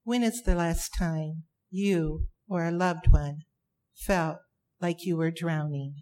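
Woman, preacher, sermon, slow deliberate delivery, emphatic, dramatic pauses, repeats phrases. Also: lowish voice, darkish tone.

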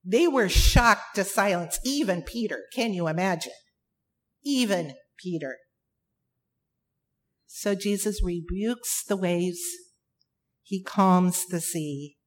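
A woman preaching a sermon, emphatic, with dramatic pauses and repeated phrases. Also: on the low side.

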